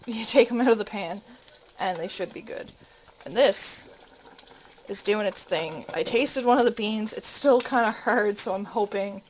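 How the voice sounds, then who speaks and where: A woman's voice: medium pitch, a little hiss or hum, poor audio. A woman vlogging as she cooks breakfast in her home kitchen, chatting casually with self-deprecating asides while holding the camera. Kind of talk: casual cooking vlog narration. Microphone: handheld camera.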